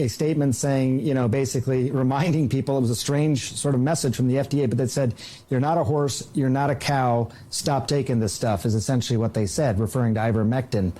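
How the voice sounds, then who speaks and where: A man co-hosting a podcast, calmly explaining facts in casual chat. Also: medium pitch. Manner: measured, explains facts with "you know" fillers. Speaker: podcast co-host.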